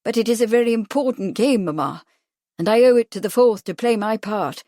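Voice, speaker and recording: A woman voicing an agitated, pompous young gentleman who talks in an insistent, commanding way. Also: fairly high pitch, expressive, fairly quick, no echo, clean studio sound, close to an everyday voice. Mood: persuasive.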